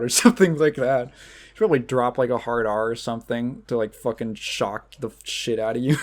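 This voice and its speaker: A male podcast host chatting casually and rambling through tangents. He swears freely, laughs often and acts out quoted conversations. His voice sits at an average pitch. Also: animated, brisk.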